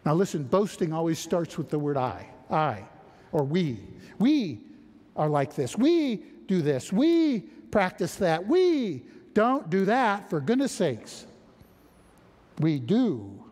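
A man's voice: fairly high pitch, very animated, slow, a little mellow. A man preaching a sermon, emphatic, asking rhetorical questions and answering them. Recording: reverberant hall.

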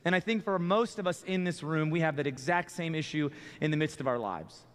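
A young man preaching in a church, with a slightly high voice that rings out in a long reverberant hall. He talks the way he would in conversation and often repeats his first words as he starts a thought. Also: a little fast, fairly bright tone. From Texas. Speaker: student ministry pastor. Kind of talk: sermon. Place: church sanctuary.

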